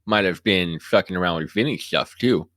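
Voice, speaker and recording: A man's voice: sits low, normal speed, fairly bright tone, dry recording, clean studio sound. A man playing a tabletop role-playing game, stammering at times and teasing the other players. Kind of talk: casual in-character play.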